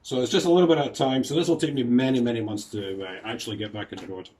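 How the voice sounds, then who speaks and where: A man's voice: mid-range voice, fairly even intonation, very fast, a little mellow. A man with a Scottish accent, chatting casually about his classic car projects in his garage and telling rambling anecdotes. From Scotland. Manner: chatty storytelling, rambling asides. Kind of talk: casual walkaround narration.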